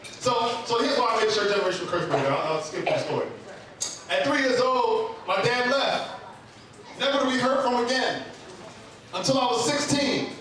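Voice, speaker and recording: A man telling a comedic personal story at an open mic, in an animated, conversational way with comic asides. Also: very high-pitched, moderate pace. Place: live open mic venue. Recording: echoey room from far off, noisy.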